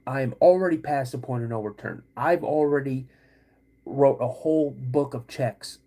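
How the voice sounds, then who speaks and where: A man with a husky, slightly rough voice tells a personal story to his listeners in a relaxed, casual way. He is animated and acts out the other people's lines as he goes. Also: medium pitch, moderate pace. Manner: animated, acts out quoted dialogue. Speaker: podcast host.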